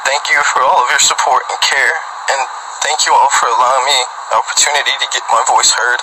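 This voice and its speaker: A man's voice: medium pitch, quick pace. A grieving father reading a prepared statement aloud, tearful and formal, outdoors. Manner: steady, formal, reads from paper. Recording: clip with loud background noise.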